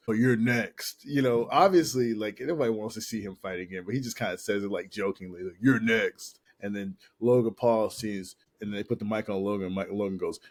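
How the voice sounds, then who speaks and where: A man with a fairly low voice talks through a casual podcast chat. He rambles in slangy asides and circles back over the same points as he talks. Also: a little mellow. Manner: rambling, slangy, repeats himself. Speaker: podcast co-host.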